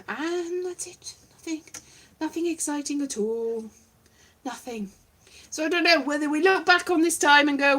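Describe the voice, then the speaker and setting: Woman vlogger, high bright voice, wry rambling monologue. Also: lively intonation, moderate pace. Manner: wry, self-deprecating, meandering. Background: strummed guitar.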